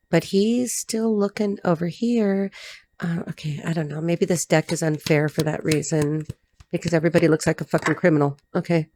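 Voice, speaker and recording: Woman tarot reader, slightly low voice, blunt and excitable, casual to-camera delivery. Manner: blunt, excitable, swearing, talks to the cards. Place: dim room indoors.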